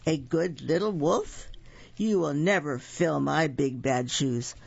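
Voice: mid-range voice, slow, creaky, slightly rough, no room sound, exaggerated voice. A storyteller voicing a grumpy, exasperated papa wolf on a dull recording. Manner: grumbling and exasperated. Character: grumpy big bad male papa wolf.

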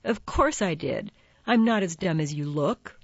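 A woman's voice: sits low, expressive, unhurried, creaky, dry recording, lo-fi sound, full character voice. A woman voicing a snippy, bubbly teenage girl friend in an audiobook.

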